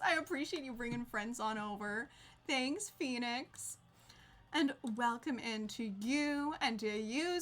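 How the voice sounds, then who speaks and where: A woman's voice: fairly high pitch, slow, a bit bright. A woman streaming a game, chatting casually with viewers, bubbly and laughing often. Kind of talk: casual gameplay chat with viewers.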